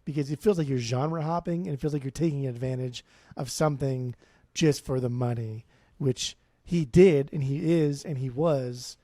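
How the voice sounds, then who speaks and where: A man's voice: medium pitch, steady tone, moderate pace, mellow, no echo, clean studio sound. A young man co-hosting a podcast in casual chat. He rambles, swears a lot and fills his talk with "like". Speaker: podcast co-host.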